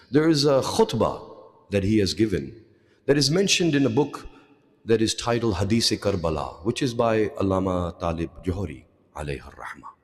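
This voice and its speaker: A man giving a religious lecture, telling stories and voicing the quoted lines in a higher pitch. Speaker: majlis lecturer. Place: religious centre hall. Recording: long hall reverb.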